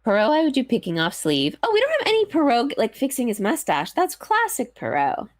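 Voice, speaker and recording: A woman's voice: a little high, fairly quick. Lady streamer chatting over a game, jokey, giggles a lot, voice bounces all over. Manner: joking, giggly, animated. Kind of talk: casual chat over gameplay.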